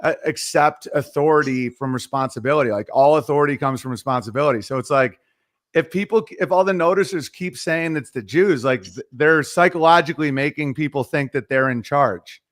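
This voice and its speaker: A middle-aged male comedian rambles through anecdotes in loose podcast talk. His voice sits a touch high for a man and he tells stories with animated energy. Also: a little fast. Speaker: comedian guest. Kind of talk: casual podcast chat.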